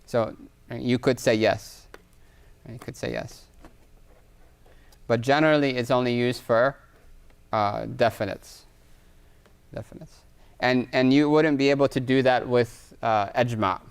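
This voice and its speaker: A man's voice: medium pitch, steady tone, normal speed, smooth. A man teaching Arabic grammar in a live class, explaining step by step, checking in with a constant "right?", and reading Arabic phrases aloud. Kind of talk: live online class lecture with Q&A.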